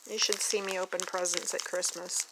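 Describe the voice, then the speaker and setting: A woman's voice: on the low side, level tone, normal speed, very noisy. A woman from Oklahoma with an Oklahoma accent, chatting and gushing through a casual unboxing vlog at a table at home. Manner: chatty, gushing, talks to her dog. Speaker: doll collector vlogger.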